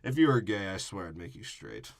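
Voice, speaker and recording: A man co-hosting a podcast, chatting casually and crudely about a film and mimicking scenes in quick voices. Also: low-pitched, expressive. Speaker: podcast co-host. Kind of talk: casual movie-review chat.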